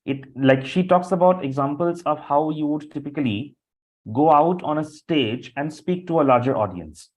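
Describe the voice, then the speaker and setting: A man's voice: on the high side, moderate pace, a little mellow. A man leading a live online training session over a video call, speaking loosely with frequent fillers and restarts. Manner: loose, repetitive talk with many fillers. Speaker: session instructor. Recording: dull lo-fi call audio.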